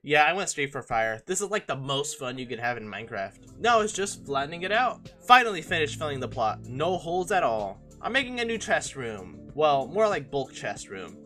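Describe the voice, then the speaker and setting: A man's voice: a little high, very animated, normal speed, hardly any pauses, bright, forceful tone, faint music behind. A young man giving a casual, joking and self-mocking voice-over on his own gameplay footage. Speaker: gaming channel host.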